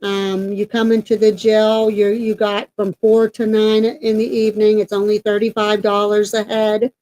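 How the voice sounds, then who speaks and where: A woman's voice: mid-range voice, completely flat delivery, moderate pace, dark tone, poor audio. A woman co-hosting a paranormal team's channel, chatting casually and rambling with many fillers as she shares team news and event plans. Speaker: paranormal team member and co-host. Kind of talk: casual announcement chat.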